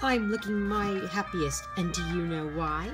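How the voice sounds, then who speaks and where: A woman voicing a prissy, dramatic female engine with a high, theatrical voice, in a fan drama. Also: measured pace, over music, close to an everyday voice. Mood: excited. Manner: fussy and self-admiring. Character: prissy, dramatic female engine who calls everyone darling. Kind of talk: amateur fan drama voice acting.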